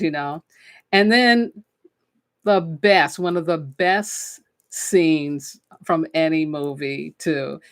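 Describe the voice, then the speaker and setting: A woman hosting a spiritual talk show, chatting casually and enthusiastically about films, with frequent fillers. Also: deep voice. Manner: enthusiastic, chatty, with many fillers and "you know". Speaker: podcast host and spiritual teacher. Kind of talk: casual spoken film commentary.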